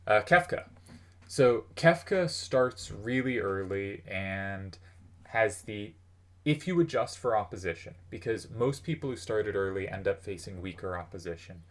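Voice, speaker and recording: A man's voice: fairly low pitch, animated, measured pace, a bit bright. A man talking through the history of a card game's players in a casual commentary, thinking aloud with plenty of fillers. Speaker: host.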